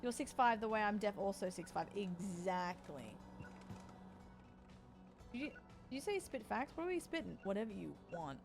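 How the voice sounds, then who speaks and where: A woman's voice: mid-range voice, very animated, moderate pace, pauses often, soft background music. An Australian woman in her forties, streaming and chatting casually with her viewers, teasing and joking as she answers chat. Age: 40s.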